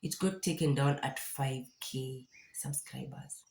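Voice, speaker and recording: A woman's voice: extremely low pitch, slow pace, darkish tone, faint music behind. A young Kenyan woman vlogging candidly and emotionally, distressed and near tears, with many restarts. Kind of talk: casual confessional vlog. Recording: echoey room.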